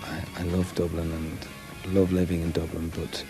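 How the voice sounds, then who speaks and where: A man's voice: sits low, monotone, a little slow, music in the background. A man musing reflectively in an interview.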